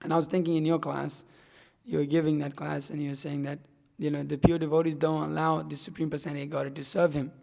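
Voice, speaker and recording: Gravelly young man in an echoey hall. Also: on the high side, little pitch movement, fast, darkish tone. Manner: rambling with many likes and restarts. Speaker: devotee sharing at a scripture class. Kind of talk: casual heartfelt testimony. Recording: long echoey hall reverb.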